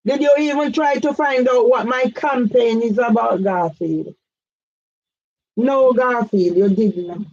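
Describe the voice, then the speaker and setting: A woman's voice: on the high side, measured pace, a little mellow, lo-fi sound. A woman, giving an emphatic direct-address complaint, firing pointed questions at one man by name. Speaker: campaigner vlogger.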